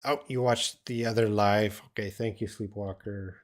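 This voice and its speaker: A man's voice: fairly low pitch, steady tone, moderate pace. A middle-aged man teaching English on a live stream, answering viewers' questions and thinking aloud with hesitant restarts. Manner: encouraging.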